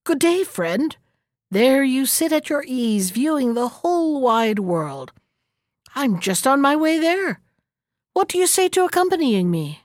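A woman's voice: high-pitched, big pitch swings, unhurried, no echo, clean studio sound, pitched above the performer's own voice. Cocky little tailor for a storybook, bragging and chirpy, as a woman puts him on. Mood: boastful. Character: boastful cheeky little male tailor.

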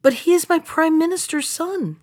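A woman reading the lines of a proud, excitable old king in a fairy tale, exclaiming and commanding. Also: extremely high pitch, moderate pace, no echo, studio quality, pitched above the performer's own voice.

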